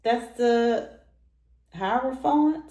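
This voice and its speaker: Speaking very slowly in a mellow, rather high voice, a tarot reader talks straight to the listener in a relaxed reading, going over her points repeatedly. Her words echo in a roomy space.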